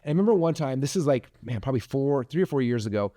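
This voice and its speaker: Fast-talking mellow-voiced man. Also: mid-range voice. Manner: energetic, chatty, frequent "like" fillers. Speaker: podcast host. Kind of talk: motivational talk to camera.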